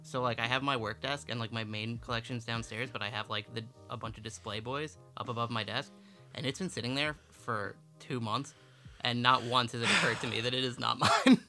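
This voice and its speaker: A man's voice: medium pitch, brisk, pushed and bright, soft background music. A young man co-hosting a podcast, laid-back and defensive, laughing and using lots of fillers in casual banter. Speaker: podcast co-host.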